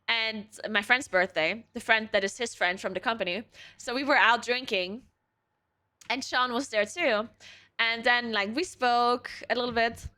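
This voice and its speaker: Bright-voiced chatty young woman streamer. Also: fairly high pitch. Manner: chatty, swears freely, laughs often. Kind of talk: casual chat with stream chat.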